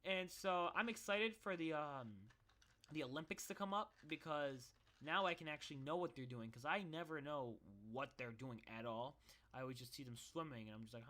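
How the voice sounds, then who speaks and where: A man's voice: fairly high pitch, bright, forceful tone. A young man telling stories in a casual, rambling monologue, joking at his own expense. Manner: rambling, self-deprecating joking. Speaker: vlogger.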